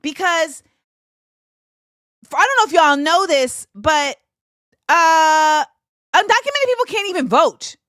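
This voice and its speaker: A woman's voice: very high-pitched, animated, slow, long pauses, sharp tone, dry recording, clean studio sound. A woman in her forties hosting a show, giving casual solo commentary in a conversational, emphatic way with frequent fillers. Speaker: host.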